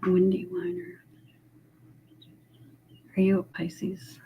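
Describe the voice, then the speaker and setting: A woman's voice: lowish voice, completely flat delivery, slow pace, dark tone, a little hiss or hum. A woman in a casual group chat, talking in a chatty, sympathetic way.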